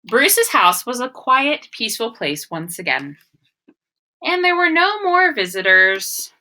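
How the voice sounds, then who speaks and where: A woman's voice: on the high side, very animated, slow pace, pushed and bright, low-quality recording. A woman teacher reading a picture book aloud to her class, explaining words and asking questions.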